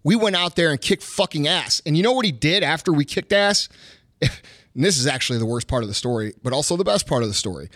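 A man's voice: fairly high pitch, lively intonation, fast talker, a bit bright, no room sound, clean studio sound. Fired-up profane male podcast host. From United States. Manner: profane, emphatic, punchy repetition. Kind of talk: fired-up motivational rant.

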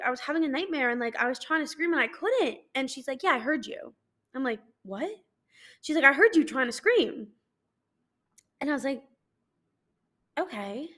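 A woman's voice: a little high, a bit bright. A young adult woman hosting a solo podcast, ranting in a blunt, profane and self-mocking way. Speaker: podcast host. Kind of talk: casual solo podcast chat.

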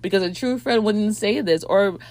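A woman's voice: medium pitch, normal speed, a little mellow. A woman reviewing a movie in a rambling casual chat, with lots of fillers and swearing.

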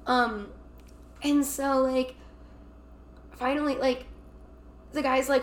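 A young woman co-hosting a podcast, telling work stories in a casual chat, animated and acting out the people she quotes. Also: fairly high pitch, moderate pace, pauses often. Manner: animated, acts out quotes, swears freely. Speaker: podcast co-host. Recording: faint background noise.

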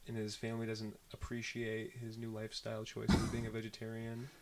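A man's voice: on the low side, monotone, brisk, slight background noise. A man chatting casually with friends, joking and rambling, with a slight lisp on his th sounds. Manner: joking, rambling, laughs often. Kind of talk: casual chat among friends.

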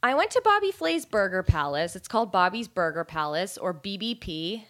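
A woman's voice: mid-range voice, big pitch swings, normal speed, fairly bright tone. A woman co-hosting a podcast, telling a blunt, sweary story in casual chat. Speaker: podcast co-host.

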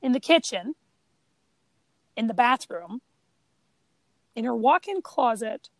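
A woman with a high voice chats about films with a friend, quizzing her and retelling scenes. The sound is dry and close to the mic. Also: lively intonation, slow pace, no echo. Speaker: podcast co-host. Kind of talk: casual chat about movies.

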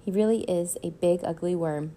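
A woman's voice: on the low side, normal speed, mellow, natural voice. A woman reading the lines of a bossy young girl in a storybook who teases the others. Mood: mocking. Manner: teasing, mocking. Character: bossy, boastful young girl dragon trainee.

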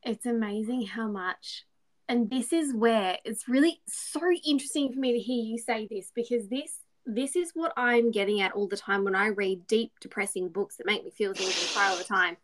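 A woman's voice: a little high, normal speed. A woman co-hosting a casual book podcast, amused and reflective, often laughing along. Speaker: podcast co-host.

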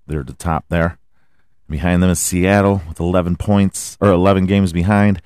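A man hosting a sports podcast, running through the standings with crude jokes, sudden loud outbursts, sing-song bits and laughter at his own gags. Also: low-pitched, fairly quick, no echo, clean studio sound. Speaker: podcast host. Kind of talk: profane comedic sports rundown.

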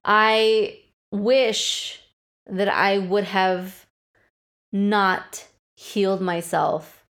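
A woman's voice: mid-range voice, steady tone, very slow, fairly bright tone. A woman in her thirties hosting a solo podcast, talking candidly and with plenty of swearing about personal feelings. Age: 30s. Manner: candid, profane, emotionally open. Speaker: podcast host.

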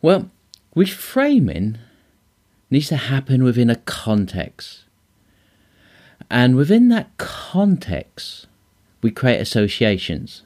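A man hosting his own podcast, explaining ideas and telling short stories in a relaxed, conversational way with asides. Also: mid-range voice, slow, long pauses, dry recording, clean studio sound. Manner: relaxed, storytelling, with fillers and asides. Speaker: podcast host and trainer. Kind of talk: casual solo podcast teaching.

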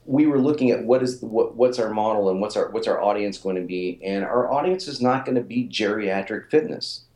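Deep-voiced man in his forties, rambling. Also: a little fast, a little mellow, reverberant. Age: 40s. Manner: rambling, repeats words, lots of fillers. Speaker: fitness author and coach. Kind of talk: casual interview storytelling.

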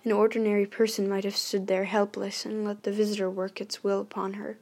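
A woman's voice: mid-range voice, flat delivery, brisk, darkish tone. A woman reading a first-person ghost novel aloud, often restarting and correcting herself mid-sentence. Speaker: narrator.

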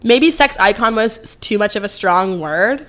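A young woman in her twenties, chatting casually as a podcast co-host. She tells her stories in an animated, rambling way full of fillers, with a pitch sitting in the middle of the usual range. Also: normal speed, low-quality recording. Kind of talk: casual chat.

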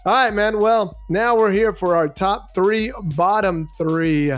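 A man co-hosting a podcast in casual chat, animated and quick to laugh. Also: sits high, soft background music. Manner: laughs easily, animated storytelling. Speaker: podcast co-host.

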